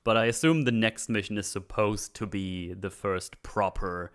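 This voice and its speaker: A man hosting a casual gaming chat, retelling game scenes with animated, acted-out voices. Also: fairly low pitch, normal speed, clear, resonant tone. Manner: animated storytelling, acts out game characters. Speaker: podcast host.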